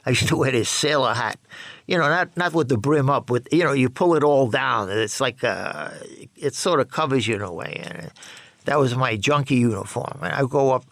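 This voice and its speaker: A man with a gravelly, creaky voice tells his story bluntly and profanely. He jumps into the voices of the people he quotes, and the sound is dry and close. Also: medium pitch, a bit bright, no echo. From New York. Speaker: storyteller recounting his past. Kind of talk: candid spoken memoir.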